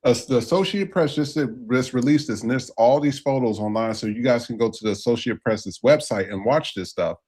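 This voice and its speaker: A man hosts a podcast in a middle-pitched, everyday voice. He talks loosely, with plenty of fillers, as he tees up each segment. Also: a little fast, hardly any pauses, a little mellow, breathy edge. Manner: loose, filler-heavy segment lead-ins. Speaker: podcast host. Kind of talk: casual podcast chat.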